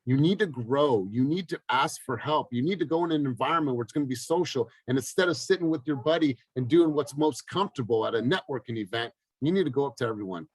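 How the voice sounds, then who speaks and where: A man coaching his team in a motivational talk, energetic and emphatic, repeating phrases for effect. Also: mid-range voice, fast, few pauses, husky, no room sound, low-quality recording. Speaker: real estate team coach.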